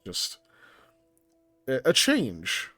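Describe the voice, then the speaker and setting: A charming male devil, smooth and gently mocking, generous with his coin and never short of a compliment, as a man plays him at the game table. The voice rides lively ups and downs and sits a little higher than the performer's own. Soft music plays faintly underneath. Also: extremely slow, no echo, exaggerated voice. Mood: teasing. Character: suave teasing male devil, generous patron.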